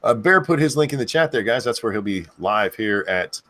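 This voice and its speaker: A man's voice: on the low side, expressive, brisk, sharp tone. A man hosting a casual online chat show, loose and rambling, thanking his audience and co-hosts. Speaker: podcast host.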